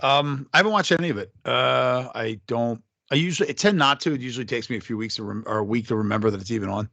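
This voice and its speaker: A man's voice: mid-range voice, quick pace, vocal fry, fairly bright tone, dry recording. Hesitant man with lots of ums. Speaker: podcast co-host. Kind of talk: casual podcast chat.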